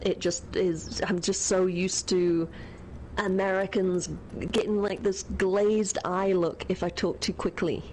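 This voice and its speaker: A woman's voice: mid-range voice, flat delivery, a little slow, darkish tone, slight background noise, poor audio. A British woman from Yorkshire, co-hosting a gaming livestream, who reads chat aloud, laughs often and swears casually. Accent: British English, softened by living in the US. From Yorkshire, England. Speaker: co-host.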